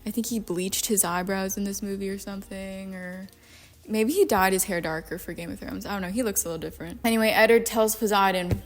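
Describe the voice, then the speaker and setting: A young adult woman giving casual film commentary in a profane, sarcastic, animated way. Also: medium pitch, brisk. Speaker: YouTube commentator.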